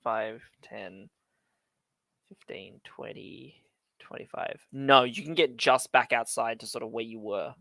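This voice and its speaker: A man's voice: mid-range voice, unhurried, vocal fry, pushed and bright, dry recording. A man narrating as dungeon master in a tabletop game, loose and laughing as he jokes with his players.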